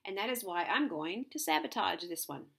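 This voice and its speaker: A woman's voice: mid-range voice, sing-song, normal speed, gravelly, fairly bright tone. A woman voicing a tough, scornful young girl who talks bluntly and bossily.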